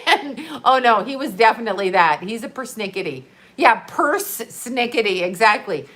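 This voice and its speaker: Woman, middle-aged, slightly high voice, animated, swears a lot, laughs often, casual livestream storytelling. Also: moderate pace. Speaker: live streamer.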